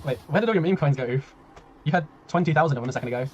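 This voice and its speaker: A man casting a strategy game tournament on a live stream, chatty and laughing, with a tiring voice that he keeps clearing. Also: fairly high pitch, racing, lo-fi sound, slight background noise. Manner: chatty, laughing, rambling, swears, reads chat aloud. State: voice tiring, clearing throat often. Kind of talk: casual live-stream commentary.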